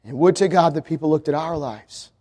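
High-voiced emphatic male preacher. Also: brisk, warm tone. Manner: emphatic, repetitive preaching with acted quotes. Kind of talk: sermon.

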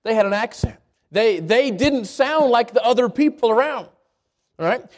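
A man from Albuquerque preaching a sermon at a church service, moving between quick asides and slow, emphatic lines. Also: very high voice, expressive. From Albuquerque, New Mexico. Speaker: pastor.

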